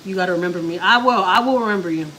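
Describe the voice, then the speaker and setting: A woman's voice: medium pitch, racing, pushed and bright, slight background noise, rough recording. A woman chats casually with viewers on a live stream while she cooks at home, talking to her pet and answering comments. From Houston, Texas. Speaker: vlogger doing a live stream. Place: home kitchen.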